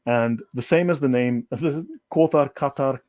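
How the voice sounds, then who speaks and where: A man's voice: mid-range voice, unhurried, a little mellow. A man holds forth as a livestream guest, pressing each point with emphasis and circling back to restate it. His voice sits in an ordinary middle register. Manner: lecturing, emphatic, repeats points. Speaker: guest speaker. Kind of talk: livestream discussion.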